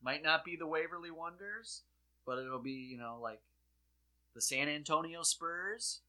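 A man co-hosting a casual comedic chat, excitable and sarcastic, acting out his own reactions. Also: fairly high pitch, measured pace. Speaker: podcast co-host.

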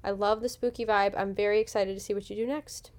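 A woman's voice: mid-range voice, fairly even intonation, quick pace. A woman co-hosting a podcast, chatting casually and enthusiastically with plenty of fillers. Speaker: podcast co-host. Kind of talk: casual chat.

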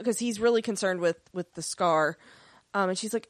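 A woman co-hosting a podcast, chatting casually through an episode recap with lots of fillers and quick acted-out character lines. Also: mid-range voice, a bit bright, no room sound, clean studio sound. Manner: rambling, many fillers, acts out character lines. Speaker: podcast co-host.

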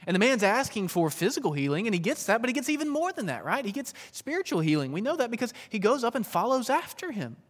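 A man's voice: very high-pitched, very animated, fast, few pauses, long reverb tail. A man, a youth pastor, preaching a sermon in an earnest, emphatic way, pushing harder on some points and easing off on others. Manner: earnest, emphatic preaching with rising and falling intensity.

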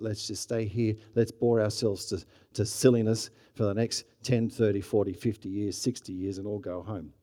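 A middle-aged pastor with an Australian accent delivers a sermon in a dark voice on the low side. His manner is chatty and narrative, marked by repeated restarts and moments when his energy builds.

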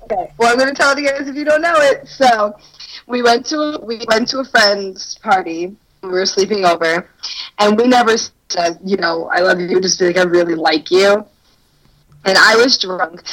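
A woman's voice: mid-range voice, moderate pace, fairly bright tone, rough recording. A young woman telling stories in casual chat, crude and self-mocking, laughing often as she talks.

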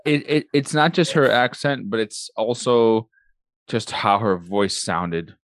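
A man's voice: on the low side, slow, no room sound. A man co-hosting a casual podcast chat, rambling with stammered restarts and blunt, profane remarks. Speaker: podcast co-host.

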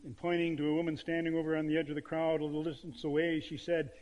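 A man, a pastor, preaching a sermon with emphatic phrasing and dramatic pauses. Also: a little high, flat delivery, darkish tone, long reverb tail.

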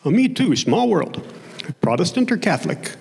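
A man's voice: high voice, very animated, moderate pace, creaky, darkish tone, slightly rough, pitched above the performer's own voice, full character voice. A man doing an eager twangy young feller. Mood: chummy, eager. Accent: Oklahoma twang. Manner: eager, chummy questions in a lifted voice. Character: friendly young man turning zealous. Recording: long hall reverb.

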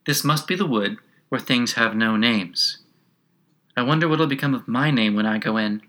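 A man reading a storybook puts on a curious, well-mannered young girl, lifting his voice high and eager. The sound is bright and clear, with an inquisitive, musing lilt. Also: moderate pace, natural voice. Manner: raised, eager, inquisitive pitch. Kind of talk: audiobook character reading.

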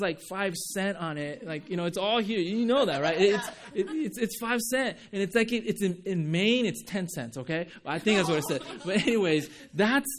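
A man preaching a sermon, telling a personal testimony in an earnest, conversational way, with frequent restarts and light laughs. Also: sits high. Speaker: pastor.

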